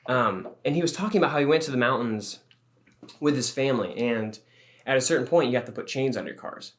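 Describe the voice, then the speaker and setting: A young adult man co-hosts a podcast, rambling through a story in casual chat and swearing and laughing often. His voice is medium-pitched and fairly quick.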